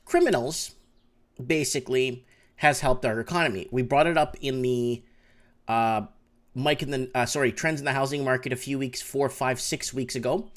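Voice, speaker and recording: A man hosting a live call-in show from his home, talking in an animated rant that swings between low mutters and loud outbursts. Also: moderate pace. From Canada. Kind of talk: excited casual live-stream rant. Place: home room with window open.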